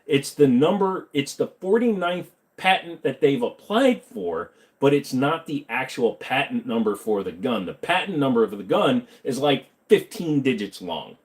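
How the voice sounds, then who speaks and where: A man's voice: mid-range voice, very animated, moderate pace, hardly any pauses. Casual male streamer answering chat, jokey and rambling, voice rises and falls a lot. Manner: joking, rambling, self-correcting. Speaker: host. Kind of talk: casual livestream Q&A reading chat.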